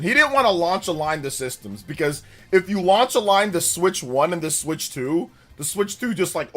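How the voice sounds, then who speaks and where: A man hosting a live stream, chatting in an animated, mocking way with quick bursts of speech. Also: on the high side. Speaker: streamer host. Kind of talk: live stream commentary chat.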